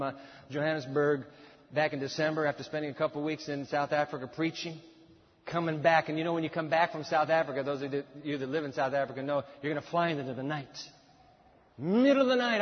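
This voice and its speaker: A man preaching a sermon in a large church, dramatic, with loud emphasis and hushed drops. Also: a little high, a little fast. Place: large church auditorium with a screen. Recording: dull, echoey hall recording.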